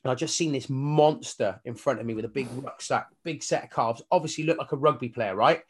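Animated man telling his story. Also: medium pitch, a little fast, breathy edge. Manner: animated, acts out his own inner voices, swears casually. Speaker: fitness coach guest. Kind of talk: casual storytelling interview.

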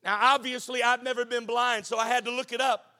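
High bright-voiced preacher, sing-song and shouting. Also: male voice, level tone, brisk. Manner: impassioned, rising to shouting and sing-song cadence. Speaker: pastor. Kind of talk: sermon.

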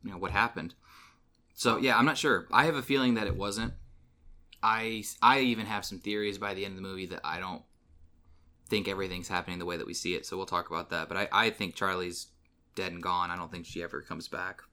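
A man's voice: low voice, steady tone, brisk, pushed and bright. A man co-hosting a casual podcast, retelling movie scenes with lots of ums and restarts. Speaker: podcast co-host. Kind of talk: casual film review chat.

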